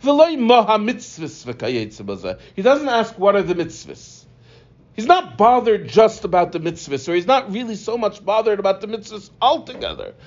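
A man's voice: sits high, big pitch swings, normal speed. A man teaching a religious text line by line, explaining and asking rhetorical questions. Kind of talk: text-study lesson. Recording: dull lo-fi recording.

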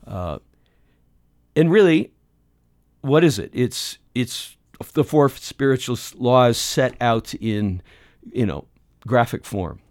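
A middle-aged American man teaches in a relaxed, conversational way, now and then stumbling and restarting a phrase. He slips into quick acted exchanges with changing voices. His pitch sits in the middle, and the recording is dry and close. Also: dry recording. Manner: conversational, acts out dialogue, many restarts. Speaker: ministry teacher. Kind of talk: teaching talk on evangelism.

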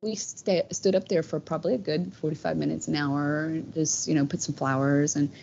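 A woman's voice: sits low, steady tone, normal speed, vocal fry, a little mellow, a little hiss or hum. A woman, telling a personal story as a podcast guest in a heartfelt, rambling way, with many "you know" fillers. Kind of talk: casual storytelling. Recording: dull lo-fi podcast audio.

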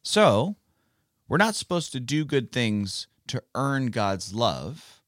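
A man's voice: mid-range voice, sing-song, takes it slowly, a bit bright, no echo, studio quality. A man hosting a casual Bible podcast for children, talking in a playful, teacherly way. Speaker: podcast host.

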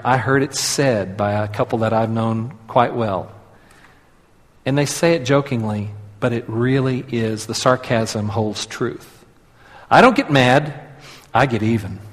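A man's voice: mid-range voice, long reverb tail. A man preaching a sermon in a conversational way, leading his listeners to repeat phrases after him. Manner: conversational, leads audience in call-and-response. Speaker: pastor.

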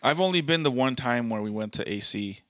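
A man's voice: medium pitch, expressive, fairly quick, pushed and bright, no echo, studio quality. A man co-hosting a podcast in casual chat, reading listener posts aloud and swearing freely. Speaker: podcast co-host.

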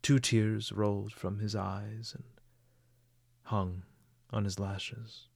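A man narrating a novel as an audiobook with a measured, expressive reading. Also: fairly low pitch, vocal fry, breathy edge, no echo.

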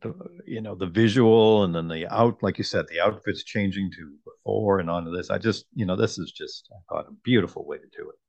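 A man chatting casually as a co-host, enthusiastic but halting, restarting his sentences. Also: low-pitched, creaky, darkish tone, no echo. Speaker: podcast co-host. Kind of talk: casual chat. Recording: dull lo-fi sound.

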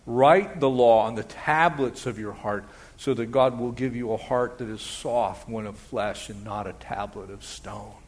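A pastor preaching a sermon in an animated way, slipping into quoted voices and playful asides. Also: male voice, medium pitch.

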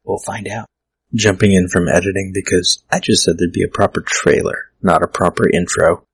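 Podcast host, male, gravelly and husky, casual and self-mocking, stumbles over words. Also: deep voice, steady tone, moderate pace, dry recording. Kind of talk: casual solo podcast talk.

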